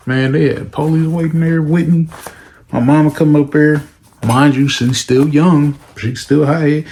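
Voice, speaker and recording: A young man from Los Angeles telling a story casually in a slangy, animated way, acting out every voice. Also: on the high side, unhurried, a little hiss or hum. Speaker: vlogger.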